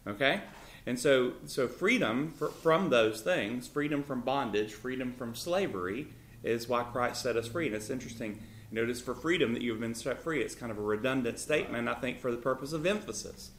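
A man's voice: mid-range voice, fairly quick, a bit bright, echoey room, slight background noise. A man leading a Bible study, explaining and reading scripture in an earnest, conversational way. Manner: earnest, repeats words, reads scripture aloud.

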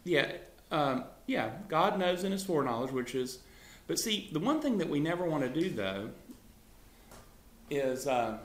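A man's voice: on the high side, very animated, unhurried, roomy sound. A man leading a Bible study in a conversational teaching style, chuckling often and talking loosely with fillers.

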